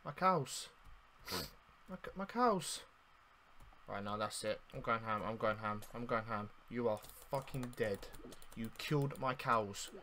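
A young man commentating on his own gameplay, exasperated and swearing, swinging between loud outbursts and mock mourning. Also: mid-range voice, lively intonation, measured pace, a little hiss or hum. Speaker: gaming YouTuber. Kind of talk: casual game commentary.

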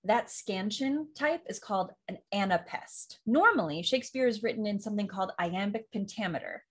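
A woman acting teacher explaining a Shakespeare monologue with enthusiasm, stopping to tap out the meter aloud. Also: mid-range voice.

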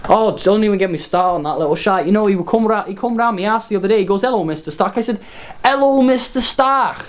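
A man's voice: high voice, very fast. A man doing a sweary Liverpool dad. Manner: swearing, rambling, chatty. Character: crude working-class northern English dad, lord. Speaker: comedian in character. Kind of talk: comic monologue in character.

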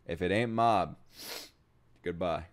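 A young man hosting an anime reaction, talking casually, swearing and swinging between loud outbursts and low mutters. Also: takes it slowly, a little hiss or hum. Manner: loud, excitable, swears, jumps between shouting and mumbling.

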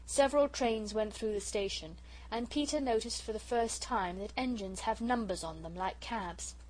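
A woman reading a classic children's novel aloud as an audiobook narrator, in a calm storytelling way. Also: on the high side, normal speed, rough recording. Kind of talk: scripted narration.

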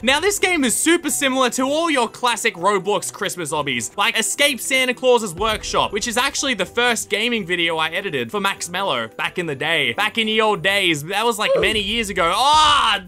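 A man's voice: high-pitched, big pitch swings, moderate pace, bright, forceful tone, soft background music. A man, a gaming YouTuber, giving goofy, exclamatory gameplay commentary.

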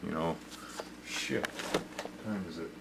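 An older Canadian man venting in an angry rant to camera, swearing heavily, yelling and repeating himself. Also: very deep voice, steady tone, takes it slowly, gravelly, heavy background noise. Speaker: vlogger.

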